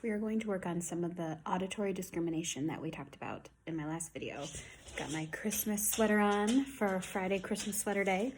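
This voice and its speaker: Woman, online teacher, at home, slow exaggerated sound modeling, mid-range pitch. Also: a little hiss or hum. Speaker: speech therapy teacher. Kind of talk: online lesson for children.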